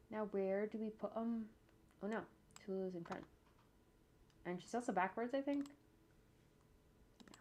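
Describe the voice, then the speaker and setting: This woman animator talks through her work in a mellow, medium-pitched voice, thinking out loud with playful asides and humming to herself. There is slight background noise, plus the faint sound of a keyboard and mouse clicks.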